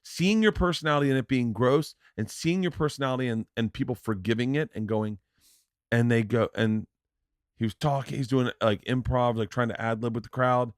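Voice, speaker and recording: A man in his forties hosting a podcast, telling stories in a loose, animated way. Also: a little fast, no room sound, studio quality. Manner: animated, jumps into loud high-pitched impressions when quoting. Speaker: podcast host. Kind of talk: casual storytelling chat.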